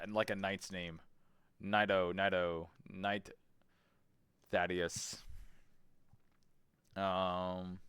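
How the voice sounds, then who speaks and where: A man's voice: low voice, steady tone, takes it slowly, pauses often, fairly bright tone, clean tone, no echo, clean studio sound. A man streaming a game, thinking aloud, swearing casually and reading menu text as he goes. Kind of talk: casual let's-play commentary.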